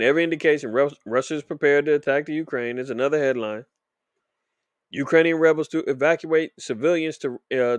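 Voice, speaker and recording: A man's voice: mid-range voice, no room sound. A man hosting a commentary show, reading news headlines aloud and adding informal, emphatic opinion for his viewers.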